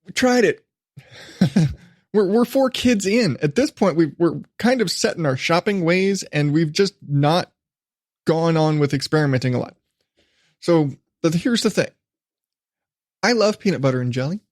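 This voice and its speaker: A man's voice: fairly high pitch, lively intonation, unhurried, pauses often, no echo, studio quality. A man in his thirties hosting a solo podcast, rambling in a hyper, laughing way with lots of restarts. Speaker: podcast host.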